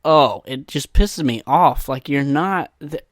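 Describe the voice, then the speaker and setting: A man's voice: on the high side, animated, slow pace, no room sound, studio quality. A young man hosting a podcast, ranting in a comic, exasperated way and swearing freely. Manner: profane, exasperated ranting with mocking voices. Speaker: podcast host. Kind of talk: solo comedic rant.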